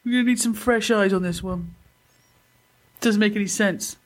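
A woman's voice: medium pitch, moderate pace. A woman co-hosting a casual comedy podcast, cutting in with sarcastic, teasing remarks. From Britain. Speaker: podcast co-host.

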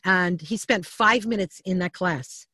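A middle-aged woman telling family stories as an interview guest, animated and candid, often restarting her sentences. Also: lowish voice, measured pace, slightly rough, no room sound, studio quality. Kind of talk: storytelling in a podcast interview.

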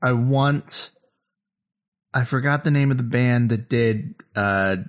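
A man's voice: medium pitch, slow. A man co-hosting a podcast, chiming in casually and enthusiastically. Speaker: podcast co-host. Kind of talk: casual chat.

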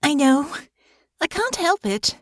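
A woman voicing an anxious young noblewoman who speaks in a high, plaintive, fretful tone in an audiobook. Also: very animated, slow pace, no room sound, clean studio sound, heavily acted. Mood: nervous.

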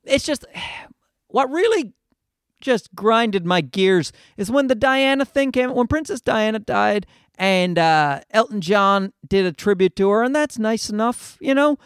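A man's voice: sits high, animated, unhurried, smooth, dry recording, studio quality. A comedian in his forties hosting a podcast, ranting with a lot of swearing and mocking the people he quotes. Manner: profane, ranting, mocking voices. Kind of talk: casual podcast monologue.

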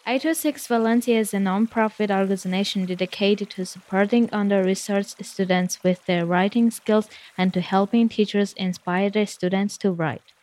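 A woman announcer giving a clear, evenly read scripted outro for a nonprofit program. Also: medium pitch, fairly even intonation, moderate pace, darkish tone.

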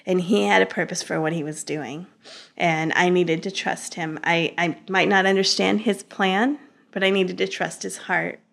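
A woman's voice: on the low side, steady tone, moderate pace, creaky, fairly bright tone. Earnest woman telling her story. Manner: earnest, heartfelt recounting. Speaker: interview guest. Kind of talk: personal storytelling in an interview.

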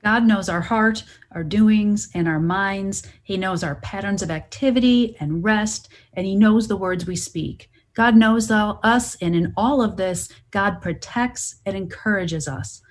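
A woman co-hosting a Christian podcast, calmly summarizing points. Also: mid-range voice, unhurried, few pauses. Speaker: podcast co-host.

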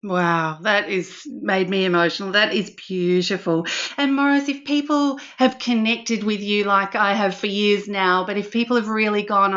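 A woman's voice: medium pitch, normal speed, hardly any pauses, highs cut off. A woman hosting an interview podcast, effusive and gushing with praise for her guest. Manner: warm, effusive, apologetic. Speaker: podcast host. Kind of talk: interview chat.

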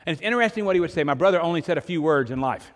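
A man's voice: a little high, animated, very fast. Older man preaching in a hall. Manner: storytelling, conversational with sudden emphatic rises. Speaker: pastor. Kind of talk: sermon.

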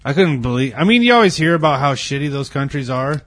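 A man's voice: on the high side, expressive, fast, a bit bright, dry recording, faint music behind. A man in crude, casual banter, telling rambling, profane stories as a podcast co-host.

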